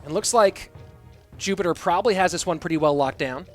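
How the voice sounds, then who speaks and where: A young male caster calls an esports match live, trading casual, joking banter with his chat. His voice sits high for a man, with clear music running behind. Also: a little fast. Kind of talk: live stream game commentary.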